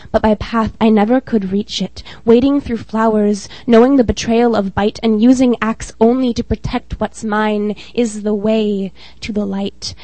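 A woman reading her spoken-word poetry slowly and deliberately, trailing off softly at line ends. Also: mid-range voice, steady tone, no echo, low-quality recording. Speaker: featured poet.

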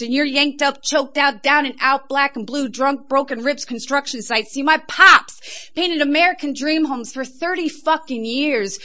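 A middle-aged woman from England performing spoken word poetry, rhythmic and intense, chatting casually between poems. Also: high-pitched. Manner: rhythmic, intense delivery rising to loud emphatic peaks. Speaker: performance poet.

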